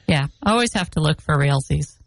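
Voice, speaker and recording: A woman's voice: deep voice, animated, moderate pace, creaky, a little hiss or hum. A woman co-hosting a morning radio show, giving short reactions and dry asides in a studio. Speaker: radio co-host. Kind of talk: casual radio banter.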